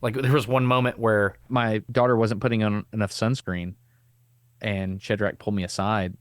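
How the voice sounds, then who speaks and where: A man's voice: lowish voice, normal speed, clean tone, dry recording, clean studio sound. Laid-back middle-aged man telling a story. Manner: animated, laid-back storyteller with casual slang. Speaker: podcast host. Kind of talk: casual storytelling chat.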